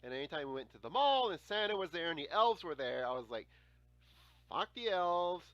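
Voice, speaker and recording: A man in his forties hosts a casual livestream and spins stories with lots of swearing and laughter. His voice sits fairly high, very lively in pitch and bright in tone. The sound is close and dry. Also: fast talker, dry recording, muffled recording. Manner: animated, swears often, laughs through stories. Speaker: livestream host. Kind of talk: casual storytelling chat.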